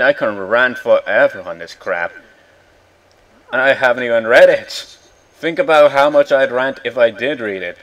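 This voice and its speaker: A man's voice: on the low side, fairly bright tone. A young man ranting in a rambling, exasperated way, swearing often while commenting on a game. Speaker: gaming video host. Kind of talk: casual rant over gameplay.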